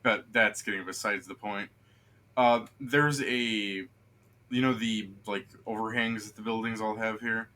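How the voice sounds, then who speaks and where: Low-voiced rambling game master man. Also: steady tone, a little slow, pushed and bright. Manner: rambling, hesitant, many fillers. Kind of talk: narrating a tabletop game.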